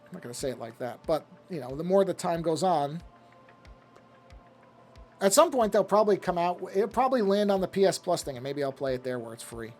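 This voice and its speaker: A man's voice: on the high side, big pitch swings, brisk, darkish tone, soft background music. A man streaming live while drawing, chatting casually and rambling from one thought to the next, talking to himself as he works. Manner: rambling, self-talk, easily sidetracked.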